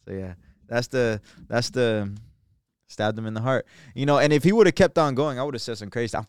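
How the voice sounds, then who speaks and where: Smooth-voiced man in his twenties. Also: medium pitch, normal speed, a little mellow, dry recording, clean studio sound. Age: 20s. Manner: laid-back, joking storyteller. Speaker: podcast co-host. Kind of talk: casual chat.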